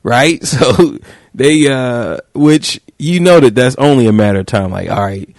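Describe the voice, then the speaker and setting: A man hosting a podcast, riffing in a joking, slangy, animated way. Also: mid-range voice, measured pace, no echo, studio quality. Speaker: podcast host. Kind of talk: casual podcast chat.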